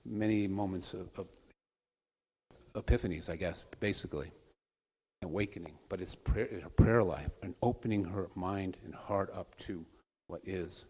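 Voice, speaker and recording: Male preacher, low voice, relaxed storytelling sermon, church hall with long reverb. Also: moderate pace, breathy edge. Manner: conversational storytelling, with soft trailing asides. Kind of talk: informal sermon.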